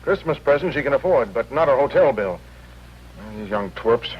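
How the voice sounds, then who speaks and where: An actor playing a brisk, cynical hotel clerk in an old radio drama. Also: male voice, medium pitch, animated, husky. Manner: brisk, wisecracking. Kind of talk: 1950s radio drama acting. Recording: dull lo-fi old radio recording.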